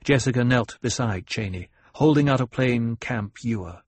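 Husky male audiobook narrator. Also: mid-range voice, normal speed, no echo. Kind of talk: scripted narration.

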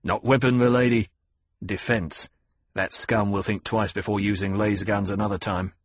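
A devoted male swordmaster in an audiobook, speaking in quick, clipped bursts, as a man reads him. The voice sits low and a little husky, and it sounds close and dry. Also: flat delivery, no echo. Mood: urgent.

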